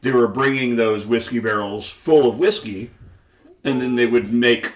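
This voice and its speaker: A man's voice: mid-range voice, moderate pace, distant mic. A man who is a brewery guest, explaining in a matter-of-fact way. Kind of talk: casual explaining. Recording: roomy, off-mic.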